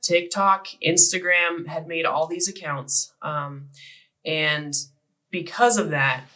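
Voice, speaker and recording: A man speaking from a church stage, telling a story in a conversational, halting way. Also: fairly high pitch, fairly even intonation, pushed and bright, poor audio. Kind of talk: sermon storytelling.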